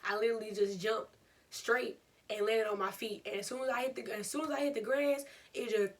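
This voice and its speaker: A young woman, telling a storytime vlog in an animated, laughing way. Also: fairly high pitch, fairly quick, distant mic, very noisy. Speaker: vlogger.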